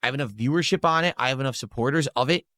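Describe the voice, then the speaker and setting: A man speaks defiantly and repeats his warnings in a steady, mid-pitched voice. The sound is dry and close. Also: very fast, dry recording. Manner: defiant, repetitive, threatening tone. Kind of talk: talking-head video statement.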